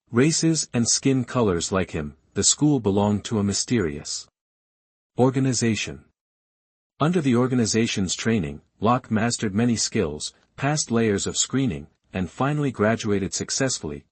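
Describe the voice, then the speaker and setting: Man, audiobook narrator, husky voice, dry close sound, steady novel reading. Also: fairly low pitch, no echo.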